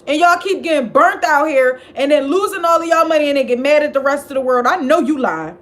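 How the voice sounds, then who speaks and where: A high-pitched woman talks straight to her viewers in a loose, profane commentary vlog. She is sassy and blunt, and she scolds the people she discusses. She swings between mocking outbursts and quiet asides. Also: quick pace. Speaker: commentary channel host. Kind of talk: casual profane gossip commentary.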